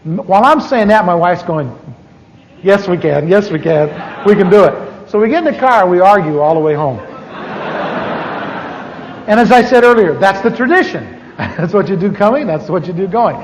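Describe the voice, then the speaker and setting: Animated storytelling man in an echoey hall. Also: sits high, normal speed, a little hiss or hum. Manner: animated, acts out quoted voices. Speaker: church teacher. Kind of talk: humorous testimony storytelling to a class. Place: large church hall. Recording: echoey hall, dull 1980s tape.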